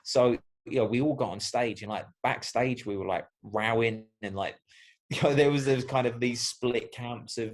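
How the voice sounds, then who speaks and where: A man's voice: medium pitch, fairly even intonation, normal speed. A man, a musician guest on a podcast, talking in a reflective, rambling way with many fillers. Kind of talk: casual podcast chat.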